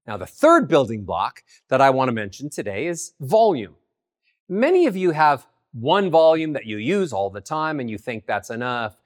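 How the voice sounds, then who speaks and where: A man giving a voice lesson, teaching in an animated way and swooping high and low in pitch to demonstrate. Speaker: voice coach. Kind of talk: spoken voice lesson.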